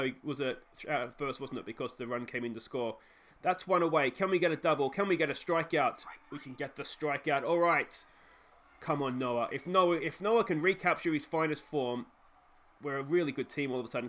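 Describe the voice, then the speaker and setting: An Australian man commentating his own baseball management game, calling plays with rising excitement and chatty asides. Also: on the high side. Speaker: let's play host.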